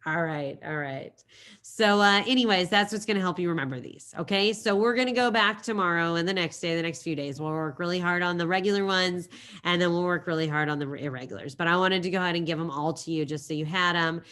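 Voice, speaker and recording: A chatty woman teacher talking a class through a recorded lesson. Her voice sits a little low, and she likes to repeat key phrases as she goes. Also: fast talker, fairly bright tone. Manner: chatty, storytelling with silly voices and repetition.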